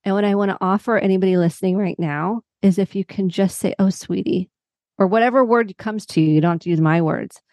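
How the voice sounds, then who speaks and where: A woman guest who works as a psychotherapist, telling a personal story in lively conversational talk and acting out the people she quotes. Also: mid-range voice, fast, few pauses, dry recording, clean studio sound. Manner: animated, warm storyteller who acts out quotes.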